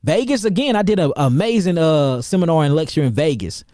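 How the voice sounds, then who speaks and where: High-voiced hype man doing livestream shout-outs. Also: a little fast, dry recording, clean studio sound. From St. Louis, Missouri, USA. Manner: energetic, repetitive, slangy hype. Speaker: herbalist and seminar host.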